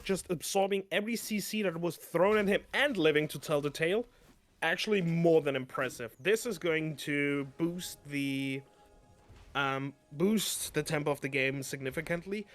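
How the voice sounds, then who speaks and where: A man with a German accent, giving analytical live esports commentary with bursts of excitement. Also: a little high, a little hiss or hum. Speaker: esports color caster.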